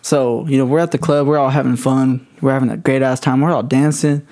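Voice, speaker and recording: Fast-talking profane man telling stories. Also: mid-range voice. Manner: profane, animated storyteller. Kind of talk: casual storytelling chat.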